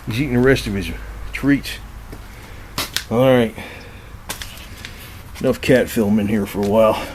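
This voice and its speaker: A man's voice: on the low side, steady tone, measured pace, a little mellow, a little hiss or hum. A man talking to his cats in a coaxing voice, rambling and swearing casually as he films at home by his old car. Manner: coaxing pet talk mixed with rambling asides and casual swearing. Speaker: cat owner filming his cats.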